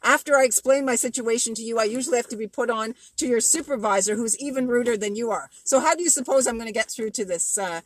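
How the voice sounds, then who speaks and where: A woman as an angry customer, fed up and stammering, a bit high-voiced. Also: fast, few pauses, natural voice. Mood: exasperated. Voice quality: exasperated, stammering complaints. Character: irate female customer stuck on hold.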